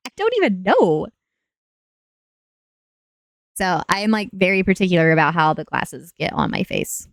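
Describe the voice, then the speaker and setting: A woman's voice: medium pitch, sing-song, moderate pace, a bit bright, dry recording, studio quality. A young woman streamer chatting casually, dramatic and prone to repeating herself and groaning.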